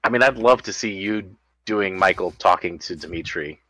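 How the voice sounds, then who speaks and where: Deep husky man with swooping delivery. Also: normal speed, bright, forceful tone, dry recording. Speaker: player. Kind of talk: in-character tabletop role-play.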